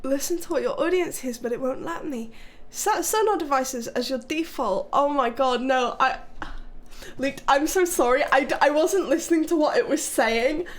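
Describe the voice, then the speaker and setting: A chatty young woman from Britain talks casually to her live-stream audience, giggling as she goes. Her voice sits high. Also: moderate pace. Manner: chatty, giggly, reading chat aloud.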